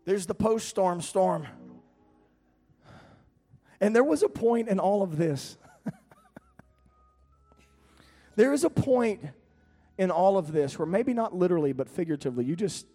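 Middle-aged pastor, lively storytelling sermon, slightly high voice, faint music bed. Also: male voice, a little slow, pauses often. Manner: animated storyteller, sudden loud peaks and laughter.

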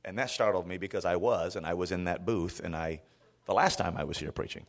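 A man's voice: sits low, a little fast. A man from Florida preaching a sermon as a guest preacher, telling stories with lots of restarts. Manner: animated storytelling with frequent restarts.

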